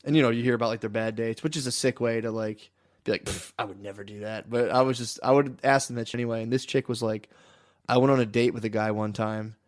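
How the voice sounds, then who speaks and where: A man co-hosting a podcast, telling rambling, fast anecdotes full of quoted asides in casual chat. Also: medium pitch, steady tone. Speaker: podcast co-host. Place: podcast studio.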